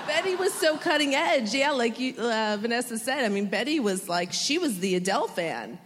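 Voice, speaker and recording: A woman's voice: on the high side, lively intonation, moderate pace, a bit bright. Chatty woman moderator in an echoing hall. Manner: chatty, asks questions. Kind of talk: panel moderation. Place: large hall. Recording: echoey hall.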